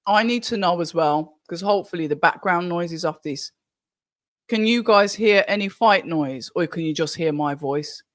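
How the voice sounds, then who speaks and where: A woman hosting a live fight watch-along stream, chatty and excitable, talking straight to her viewers. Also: on the low side, normal speed, no echo. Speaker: livestream watch-along host.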